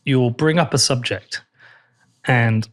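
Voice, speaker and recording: A man's voice: medium pitch, takes it slowly. A man hosting an in-person interview at a table, blunt and jokey, swearing casually. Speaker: podcast host. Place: in-person recording at a table in a room.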